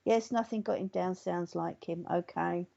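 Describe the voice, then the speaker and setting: A woman psychic medium gives a live reading in a fairly low, gravelly, warm voice, keeping a steady tone and moderate pace. She reassures the listener, often checking in with "okay?" and "all right?", and the audio sounds dull.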